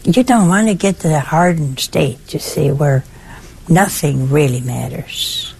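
An older woman preaches in an easy, conversational way. Her voice is husky and a little breathy. It swings up high and drops low as she makes her points. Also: unhurried. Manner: lively, conversational, with wide swings in pitch. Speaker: religious speaker. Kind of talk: sermon-style talk.

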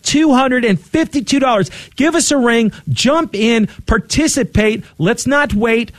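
Fast-talking excitable man with a high voice. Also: dry recording, studio quality. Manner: fast, excitable, urging listeners to call. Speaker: radio fundraiser co-host. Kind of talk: on-air fundraising appeal.

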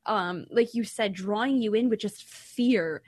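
A woman from Ireland hosting a radio talk show, chatty and quick, inviting callers to phone in. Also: mid-range voice, a little mellow, no room sound. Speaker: radio host.

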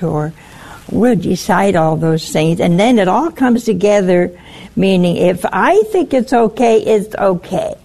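A woman preaching a sermon in a slow, emphatic way, her voice rising on exclamations. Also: lowish voice, creaky, dark tone.

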